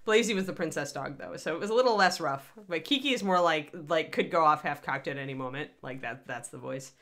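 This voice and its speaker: A woman's voice: low-pitched, animated, fairly quick, fairly bright tone. A woman hosting a casual livestream chat, rambling along with grumbling asides. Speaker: host.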